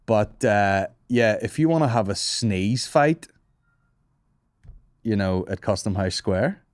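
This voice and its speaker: Sweary comedian, low dry voice. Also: male voice, lively intonation, slow pace, long pauses, a little mellow, dry recording. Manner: sweary, rambling, laughs at own jokes. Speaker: comedian podcast host. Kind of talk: casual comedic monologue.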